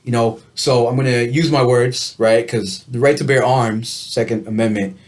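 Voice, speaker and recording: A man's voice: medium pitch, fairly even intonation, normal speed. A man talking casually to camera in a vlog, rambling through his thoughts on coping with stress, full of restarts and "you know.". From United States. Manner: reflective, laughs lightly now and then. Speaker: vlogger. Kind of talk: casual rambling self-help talk.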